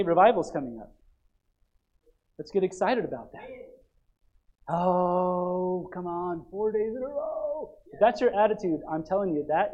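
Man preaching, pastor, exhorting, loud calls and hushed asides. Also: sits high, poor audio. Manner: exhorting, repetitive calls to get excited; dynamic, dropping to quiet asides. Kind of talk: sermon.

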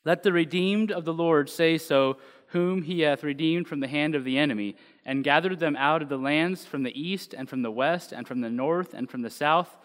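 A man's voice: on the high side, normal speed. Joking preacher man in a reverberant hall. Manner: joking, chatty asides before reading aloud. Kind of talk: casual sermon with scripture reading.

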